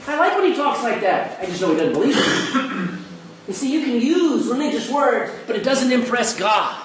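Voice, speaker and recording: A male pastor delivers a sermon with an animated, swooping delivery, his voice sitting high for a man. He drops into quick mimicry of the people he describes. The sound is roomy and distant, with faint room noise behind him. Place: church. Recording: echoey church hall, distant mic.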